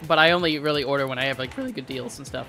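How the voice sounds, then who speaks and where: A man's voice: mid-range voice, racing, pushed and bright. A young man casually chatting and rambling with stammered restarts while streaming a game. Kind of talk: casual gameplay commentary. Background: game music.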